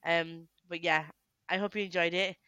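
Speaking into a headset mic, a young woman co-hosting a casual podcast giggles frequently and keeps restarting her quick bursts of speech. Her voice is lowish with little pitch movement, bright and forceful, with no echo.

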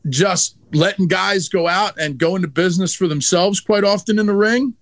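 A man's voice: sits high, normal speed, no echo. A man telling a blunt, profane story in an interview about his time as a wrestling manager.

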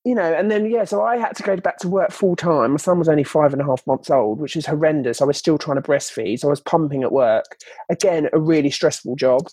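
A young woman with a low, warm voice and a breathy edge talks a little fast, recorded with no room sound. She's a children's book author appearing as a podcast guest, telling her story in a candid interview. She's chatty and uses "like" and "you know" a lot.

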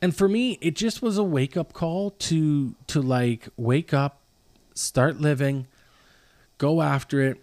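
A man's voice: a little high, slow pace, darkish tone, no room sound. A man in his thirties, a pastor, talking earnestly in a casual chat, rambling with many restarts.

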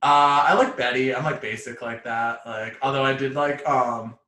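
A man co-hosting a podcast with a wry, joking delivery and frequent laughter. His middle-pitched voice rings in a roomy, echoey space. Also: fairly even intonation, moderate pace, sharp tone. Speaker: podcast co-host. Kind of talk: casual podcast chat. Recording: roomy echo.

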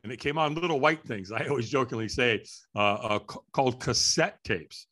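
A middle-aged man talks as a guest in an interview, his voice bright and pressed forward. He tells his story in an animated way and acts out the people in it. His pitch sits in an ordinary middle range. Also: normal speed. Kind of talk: storytelling in conversation.

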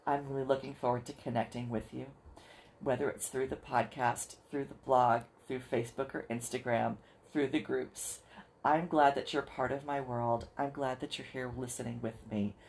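A podcast host talking straight to listeners in an earnest, encouraging way, slowing down to spell things out. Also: medium pitch, fairly even intonation, gravelly, darkish tone. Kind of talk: solo podcast talk to listeners.

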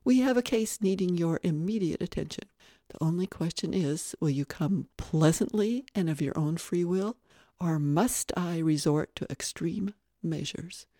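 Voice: medium pitch, measured pace, mellow, no room sound, clean studio sound, lightly acted. A reader voicing a stern, firm female ghost with a sarcastic edge, in an audiobook reading.

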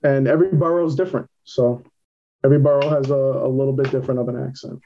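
A man with a clear New York accent speaks in a plain, matter-of-fact way, answering questions in a casual interview. His voice is mellow and warm. The recording sounds dull and lo-fi. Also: mid-range voice, fairly even intonation, quick pace, a little hiss or hum. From Queens, New York. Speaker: filmmaker guest.

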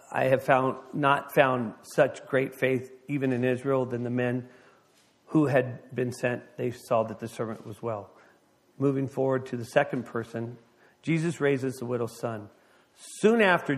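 A middle-aged man preaching a sermon, an animated storyteller who reads scripture and acts out the voices of people in his stories. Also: medium pitch. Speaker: pastor.

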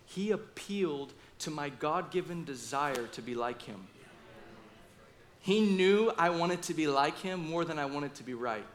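A man preaching a sermon with passion, acting out his own inner dialogue and speaking with lively asides. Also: a little high, unhurried. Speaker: pastor.

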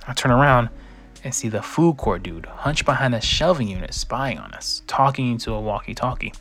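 A man's voice: medium pitch, animated, moderate pace, fairly bright tone. A young man telling a first-person story in a casual, conversational way, acting out quoted lines.

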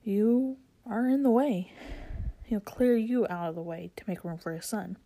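A woman reading the part of an old, learned male tutor, earnest and protective, dropping to a hush in places. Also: mid-range voice, a little slow.

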